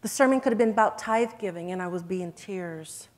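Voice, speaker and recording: A woman's voice: mid-range voice, fairly quick. A woman giving an emotional, earnest church testimony in an event hall, addressing listeners as brothers and sisters.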